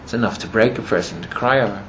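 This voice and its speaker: A man teaching a class as he retells a story, rambling and filling his talk with "you know", and growing animated as the story builds. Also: lowish voice, quick pace. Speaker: religious teacher. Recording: muffled with steady background noise.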